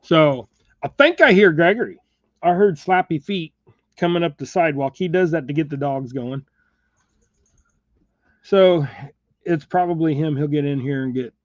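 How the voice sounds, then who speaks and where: A man talks through a casual livestream at home, his voice sitting a bit high for a man. He rambles in a folksy, easygoing way and chuckles as he goes. The sound is dull and close, with no room echo. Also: normal speed, pauses often. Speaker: fishing channel host. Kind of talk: casual live chat while tying jigs. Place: home, indoors. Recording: dull, slightly muffled sound.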